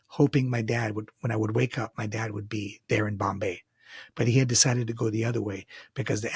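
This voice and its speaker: Husky, gravelly man telling his life story. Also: mid-range voice, no echo, clean studio sound. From Iran. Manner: animated, digressive, laughs often. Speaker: podcast host. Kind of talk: personal storytelling.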